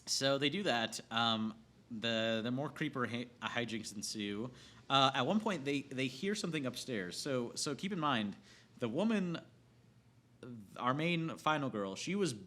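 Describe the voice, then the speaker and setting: A man's voice: medium pitch, sharp tone. A man giving a casual, rambling, profane film rant, often breaking into laughter. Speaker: movie reviewer.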